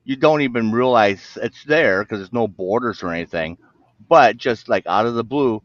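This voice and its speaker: A man's voice: medium pitch, normal speed, no echo. Chatty man on dull, dry audio. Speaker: guest chatting on stream. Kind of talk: casual chat.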